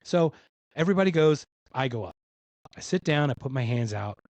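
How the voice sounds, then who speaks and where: Animated man telling a story. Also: mid-range voice, brisk, no echo. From Philadelphia. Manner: animated, acts out other people's lines. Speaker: podcast guest. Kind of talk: casual storytelling.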